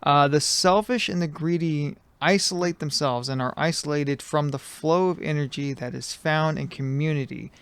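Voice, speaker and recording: A man's voice: a little high, moderate pace, few pauses, fairly bright tone, smooth. A man co-hosting a podcast in casual chat, loose and jokey with frequent ums. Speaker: podcast co-host.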